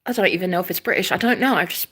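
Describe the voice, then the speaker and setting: A woman's voice: fairly low pitch, very fast, breathy edge. A young woman telling a personal story in a casual, chatty way, swearing freely and acting out what others said. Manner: animated, chatty, swears freely, acts out quoted voices.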